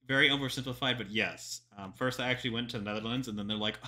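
A man's voice: mid-range voice, fairly even intonation, fast, hardly any pauses, sharp tone. A young man, a historian, reacting to a history video in casual chatty commentary with lots of ums and joking asides.

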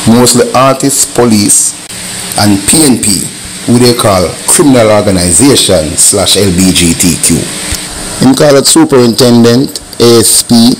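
A man's voice: on the low side, a little hiss or hum, poor audio. A man with a Jamaican accent, speaking in patois and making an indignant rebuttal as a vlogger. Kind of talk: heated commentary rebuttal.

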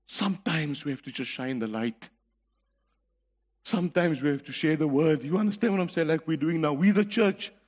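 Man, South African accent, middle-aged, guest preacher, sermon with testimony, earnest storytelling, fairly high voice. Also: moderate pace, darkish tone, slightly rough, in a large hall. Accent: South African English. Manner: earnest, storytelling, laughs between points.

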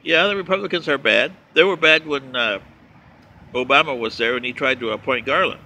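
A man's voice: mid-range voice, a little fast, gravelly, pushed and bright. A man giving a sarcastic, mocking political commentary, reading and answering viewer letters.

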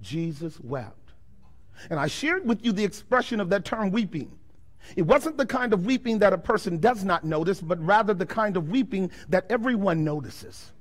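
A man preaching a sermon as pastor, firing rhetorical questions at his congregation and swinging between loud declarations and quiet, slow passages. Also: high-pitched, lively intonation.

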